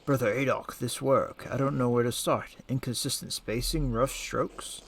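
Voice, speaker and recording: A man's voice: mid-range voice, fairly even intonation, moderate pace, creaky, a little hiss or hum, natural voice. A man reading a stern scolding monk prior. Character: stern middle-aged male monastery prior.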